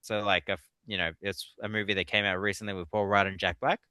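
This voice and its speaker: A man, a guest author in a casual interview, telling animated stories and laughing often. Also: on the low side, quick pace, smooth, no echo. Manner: animated storyteller.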